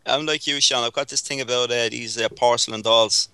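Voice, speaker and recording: A man's voice: mid-range voice, steady tone, fairly quick, crowd noise. A man from Dublin with an Irish accent, a guest on a paranormal podcast, answering with dry, understated humor. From Ireland. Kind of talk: casual chat over a call.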